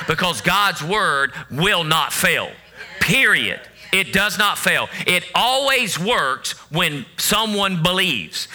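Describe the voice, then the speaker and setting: A man preaches a sermon emphatically, repeating phrases often and sometimes acting out the voices of God and of begging believers. His voice is high-pitched, pushed and bright.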